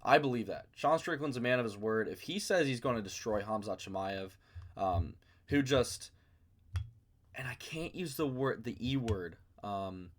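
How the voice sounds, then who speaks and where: A man's voice: mid-range voice, expressive, normal speed. A man hosting a casual fight commentary vlog from his basement, rambling and self-mocking. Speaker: MMA video host.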